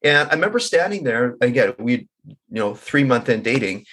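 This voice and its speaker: Middle-aged male guest, husky, open and reflective, stumbles over words now and then. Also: medium pitch, animated, moderate pace, fairly bright tone. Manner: candid and reflective, with occasional stammering. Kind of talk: personal storytelling in an interview.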